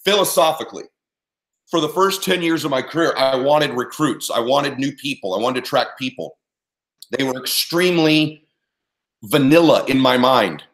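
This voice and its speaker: A man's voice: mid-range voice, lively intonation, normal speed, fairly bright tone. A man giving punchy, emphatic advice as an interview guest, often checking that his listeners follow. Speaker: interview guest, performance coach. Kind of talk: motivational interview answer.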